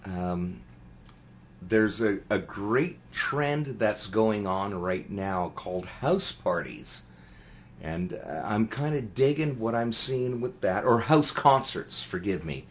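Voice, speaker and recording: Rambling low-voiced male musician. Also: lively intonation, slow pace, a little hiss or hum. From Canada. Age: middle-aged. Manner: rambling, many fillers and restarts. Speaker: interview guest, musician. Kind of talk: casual interview chat.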